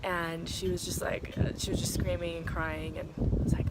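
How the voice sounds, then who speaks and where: A woman's voice: lowish voice, little pitch movement, normal speed, few pauses, very noisy. A woman in her thirties telling a candid, rambling story to her viewers, swearing freely and breaking off to talk to her kids. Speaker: vlogger and mother. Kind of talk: casual confessional vlog. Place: vacation cabin in the mountains.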